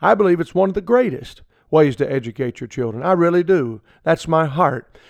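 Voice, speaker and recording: A man's voice: a little high, animated, brisk, creaky, no room sound. A middle-aged man preaching a folksy radio sermon, acting out the people he quotes.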